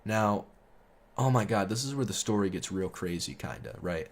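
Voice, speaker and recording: Man, lowish voice, casual storytime, swears a lot, rambles, chuckles mid-sentence. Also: lively intonation, normal speed. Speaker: storyteller host.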